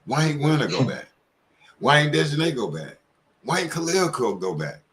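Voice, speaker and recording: A man's voice: on the high side, very animated, a little fast, a bit bright. A man giving heated commentary as a show host, firing off rhetorical questions.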